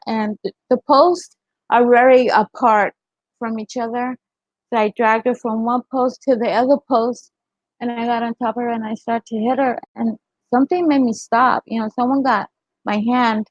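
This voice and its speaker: Middle-aged lady rambling thru a story on stream, kinda high voice, muffled dry audio. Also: no room sound. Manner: rambling storytelling, laughing often. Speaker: livestream host. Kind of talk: casual chat with live viewers.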